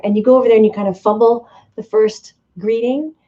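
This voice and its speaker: A woman's voice: a little high, fast, muffled recording. A woman hosting a live stream, chatting casually, reading viewer comments aloud and laughing often.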